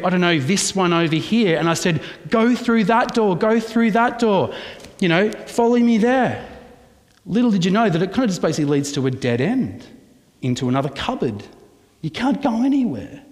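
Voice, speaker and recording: A man preaching a sermon as pastor, lively with rhetorical questions and sometimes dropping his voice to a hush. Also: fairly high pitch. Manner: animated preaching with rhetorical questions, soft at times. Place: church hall. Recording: long reverb of a church hall.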